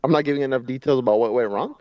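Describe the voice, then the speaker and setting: A man answers his coach in quick, short, unsure replies. His voice is middle in pitch and sounds dull and dry, with little room sound, as it comes over a video call. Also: no echo. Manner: brief, hesitant answers. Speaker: coaching client.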